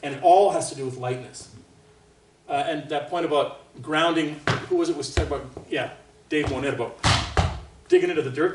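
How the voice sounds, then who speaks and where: A man, a trumpet soloist, teaching a master class in an animated, chatty way and laughing often. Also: a little high, fairly quick. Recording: roomy hall from far off, faint noise.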